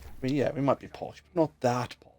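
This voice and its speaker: A man's voice: medium pitch, brisk. A British man in his thirties chatting casually while streaming a game, joking and telling stories with plenty of swearing. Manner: animated, joking storyteller who swears freely. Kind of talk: casual chat while gaming.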